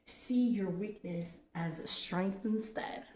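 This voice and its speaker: A woman's voice: medium pitch, slow pace. Chatty woman reading cards in a roomy space. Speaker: host reading oracle cards. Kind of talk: casual card-reading livestream. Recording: roomy, distant from the mic with faint noise.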